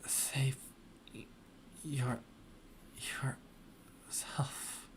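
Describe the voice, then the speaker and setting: A man's voice: on the high side, drawn-out words, creaky, a little hiss or hum, voice pushed up, heavily acted. A man voicing a dying young woman in a broken, stammering whisper. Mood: weak pleading.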